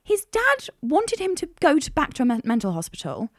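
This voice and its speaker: Lively woman reacting on a podcast. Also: high-pitched, no room sound, clean studio sound. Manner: lively, blunt, reacts with quick swears and exclamations. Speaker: podcast co-host. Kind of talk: casual true-crime podcast chat.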